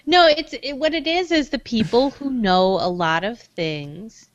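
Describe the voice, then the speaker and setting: A woman's voice: on the high side, dry recording, highs cut off. A woman co-hosting a podcast, bantering playfully and laughing easily. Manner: playful, giggly, quick banter. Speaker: co-host. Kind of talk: casual chat.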